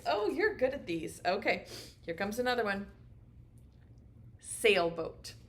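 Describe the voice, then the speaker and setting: A woman teaching a virtual preschool circle time, speaking slowly and encouragingly in an exaggerated sing-song manner. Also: fairly high pitch, a bit bright. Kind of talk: virtual circle-time lesson for young children.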